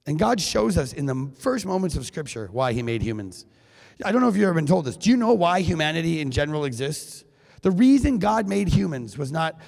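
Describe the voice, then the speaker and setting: A man giving a keynote talk at a men's conference, animated and joking, acting out quoted lines in his own voice. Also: a little high, a little fast, creaky. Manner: animated, jokey, acts out quotes. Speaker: keynote speaker. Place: high school venue. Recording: long hall reverb.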